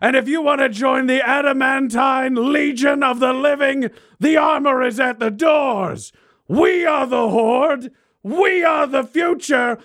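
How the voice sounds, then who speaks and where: A man voicing a young warrior who proclaims himself king and rallies a mob with a slow, shouted war speech in a tabletop game. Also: very high-pitched, pitched above the performer's own voice. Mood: defiant. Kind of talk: tabletop game role-play.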